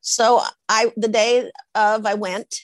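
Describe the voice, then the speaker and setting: Lively older woman telling stories. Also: on the high side, slow pace, no echo, poor audio. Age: over 60. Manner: animated, acts out quoted voices in her stories. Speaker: guest actress. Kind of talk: conversational storytelling in an interview.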